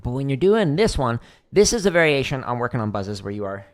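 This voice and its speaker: A man's voice: mid-range voice, big pitch swings, a little fast, heavy background noise. A man hosting a casual livestream drum lesson, explaining technique as he demonstrates, with frequent "like" fillers.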